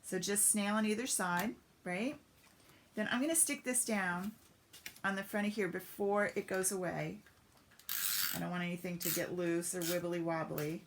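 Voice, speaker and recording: A woman's voice: lowish voice, level tone, moderate pace, slight background noise. A woman giving a chatty step-by-step craft demonstration on a live stream, greeting viewers as she works. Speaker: papercraft demonstrator.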